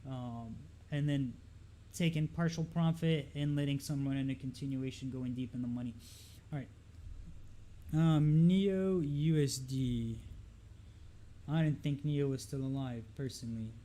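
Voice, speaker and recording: A man's voice: mid-range voice, fairly even intonation, normal speed, warm tone. A young man from Lebanon who hosts a live stream and talks through market charts casually, rambling with lots of fillers and repeated words.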